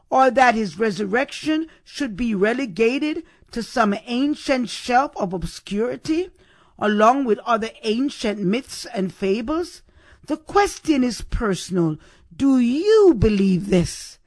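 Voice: mid-range voice, no room sound, studio quality. A preacher giving a sermon, stressing points and repeating key questions for emphasis.

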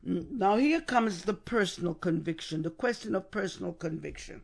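A man's voice: sits high, expressive, normal speed, vocal fry. Emphatic male preacher. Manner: emphatic, repeats words for weight; stumbles and restarts mid-sentence. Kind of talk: sermon.

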